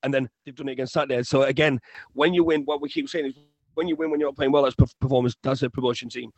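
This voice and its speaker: A young man co-hosting a casual football podcast, ranting in an animated way and often repeating himself. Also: mid-range voice, very fast. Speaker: podcast co-host.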